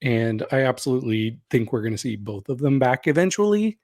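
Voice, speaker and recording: A man's voice: mid-range voice, very animated, fairly quick, darkish tone, no room sound, studio quality. A man co-hosting a podcast in an easygoing, agreeable casual chat. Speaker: podcast co-host.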